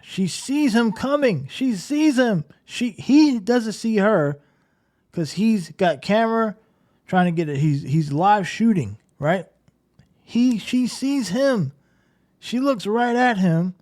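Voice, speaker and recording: A man's voice: high voice, animated, slow, a little mellow. A man giving casual, critical commentary over game footage, talking in a loose, conversational way with lots of "like" and "right?". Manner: conversational, full of "like" and "right?", keeps pointing things out; critical, incredulous.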